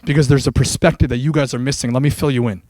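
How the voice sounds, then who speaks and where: A man's voice: medium pitch, fairly even intonation, very fast, darkish tone, no echo, voice pushed down, natural voice. A man doing Jeff, a laid-back gym trainer. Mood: explaining.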